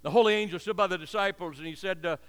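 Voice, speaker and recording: A man's voice: high-pitched, fast talker, smooth. An older man preaching a sermon with impassioned, repetitive cadences, heard with long reverb in a hall.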